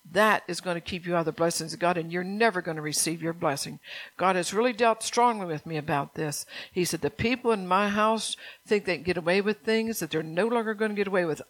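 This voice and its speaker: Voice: medium pitch, fairly bright tone. A pastor preaching a stern, urgent sermon, repeating phrases and firing rhetorical questions at the congregation.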